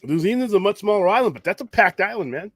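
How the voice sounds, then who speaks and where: A man's voice: sits high, expressive, fast talker, no echo. A man hosting a late-night geek talk show, rambling casually with strong opinions, frequent restarts and some swearing. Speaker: podcast host.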